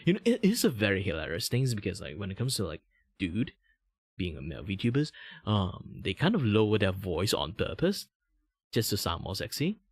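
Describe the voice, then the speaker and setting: A man in his thirties with a Malaysian English accent rambles through casual stream chat, and he pushes his tone up on purpose. His natural pitch still sits a bit low. The recording is close and dry. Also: huge pitch swings, slightly rough, no echo. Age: 30s. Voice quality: deliberately raised speaking tone. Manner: rambling, meandering explanations. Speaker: VTuber streamer.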